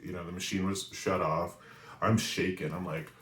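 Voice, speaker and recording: A low-voiced man in his forties from New England tells a story at a normal speed, a spiritual reader who hosts a weekly message. His monologue is animated, and he frequently checks in with the listener by asking "right?" The recording has a roomy echo.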